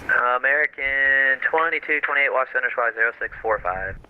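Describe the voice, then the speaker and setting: A man working as an air traffic controller, giving fast clipped radio instructions and correcting himself as he goes. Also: mid-range voice. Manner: brisk, self-correcting. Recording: tinny radio transmission.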